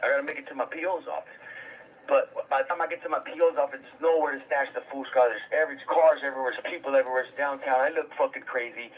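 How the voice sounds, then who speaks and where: A man's voice: mid-range voice, fairly even intonation, fast talker, slightly rough, lo-fi sound. A man hosting a livestream, telling his own story in casual, profane street slang, stammering and repeating words.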